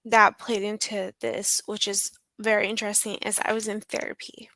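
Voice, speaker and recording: A woman guest in an interview, telling a personal story in a halting, emotional way with many pauses. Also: medium pitch, little pitch movement, pushed and bright, dry recording.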